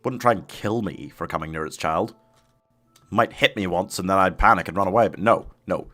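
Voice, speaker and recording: A man's voice: sits low, brisk, sharp tone, faint music behind. A man streaming a game live, chatting casually with his chat, laughing often and yelping when danger appears. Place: home streaming setup.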